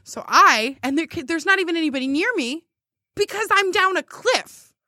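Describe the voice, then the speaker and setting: A woman telling a story in a casual comedy chat, animated and laughing often, acting out quotes in a shrill yell. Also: moderate pace, no echo, studio quality.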